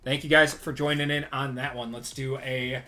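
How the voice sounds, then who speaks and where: Bright-voiced male card break host. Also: mid-range voice, little pitch movement, normal speed, soft background music. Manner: upbeat, rattles off lists. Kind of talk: live-stream card break recap.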